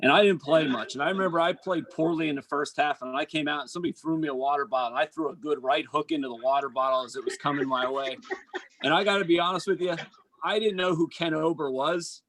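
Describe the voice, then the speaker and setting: A man, a basketball coach and former college player, telling stories in an animated, casual chat. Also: fairly high pitch, rough recording. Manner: animated storyteller, quick asides and restarts.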